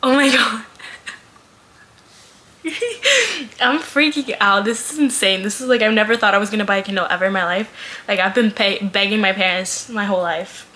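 A woman's voice: mid-range voice, fairly even intonation, fast, sharp tone, a little hiss or hum. A young woman vlogger chatting through an unboxing, gushing and giggling as she talks. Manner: gushing, giggly, says "oh my god" often. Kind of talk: casual unboxing vlog.

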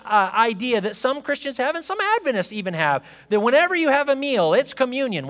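A man with a notably high voice preaches to his congregation, chatty one moment and emphatic the next, often asking "okay?" His words ring out with the long reverb of a church hall. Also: fairly bright tone. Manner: conversational preaching with frequent "okay?" check-ins; rising to emphatic proclamation. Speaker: pastor. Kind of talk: sermon. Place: church sanctuary.

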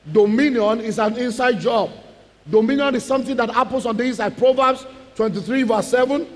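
A male pastor preaching emphatically, repeating key lines and calling out to the congregation. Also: very high voice. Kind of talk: preaching sermon. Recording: long reverb of a large hall.

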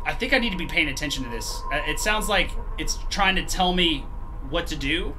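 A gamer giving let's play commentary on a horror game, thinking aloud through puzzles and exclaiming loudly at scares. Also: mid-range voice, lively intonation, brisk, noisy background.

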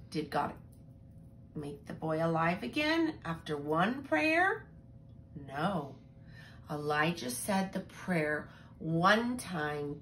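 A woman telling a Bible story to young children in a gentle, expressive way, often asking them questions. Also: lowish voice. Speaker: children's Sabbath school teacher.

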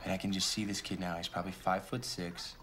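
A man's voice: deep voice, flat delivery, fast, background noise, lightly acted. An actor playing a sarcastic, grumbling young male missionary. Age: young adult.

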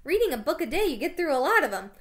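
Woman teacher, casual read-aloud, slightly high. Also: sing-song, fast. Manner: casual, warm storytelling with small slips. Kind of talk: reading a children's book aloud.

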